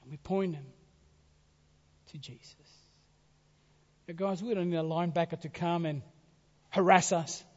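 High-voiced preacher in a reverberant hall. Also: male voice, unhurried, pauses often. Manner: dramatic swings from loud to hushed whispers. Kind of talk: sermon. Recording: dull sound in a reverberant hall.

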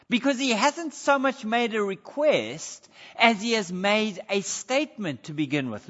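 A man with a high, bright voice preaches a sermon, earnest and questioning, stopping now and then to correct himself. His voice rings with a long reverb, as in a large hall, and the sound is a little dull.

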